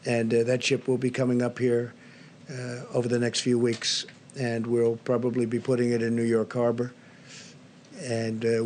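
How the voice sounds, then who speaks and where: A man's voice: mid-range voice, darkish tone, slight background noise. Rambling older man at a press briefing. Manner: rambling, repetitive, superlative-heavy. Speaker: briefing speaker at press podium.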